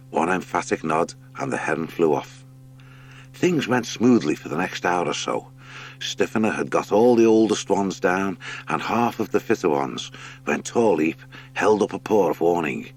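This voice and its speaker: A man reading a children's adventure audiobook as narrator, with expressive storytelling. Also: low-pitched, normal speed. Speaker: audiobook reader. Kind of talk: scripted narration.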